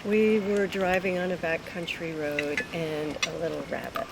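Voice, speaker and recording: A woman's voice: lowish voice, normal speed, gravelly. A woman guest recounts a personal story outdoors in a plain way. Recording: outdoor traffic noise.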